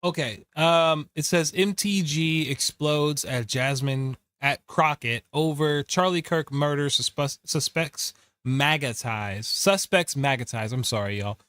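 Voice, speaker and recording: A man hosting a show, giving casual political commentary, excitable, laughing often and talking back at clips. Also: on the high side, unhurried, few pauses, no room sound. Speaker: show host.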